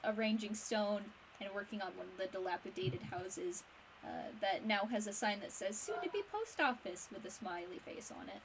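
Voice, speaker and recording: A woman acting as game master, narrating the scene in a halting way with many fillers. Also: mid-range voice, level tone, vocal fry, a little hiss or hum, rough recording.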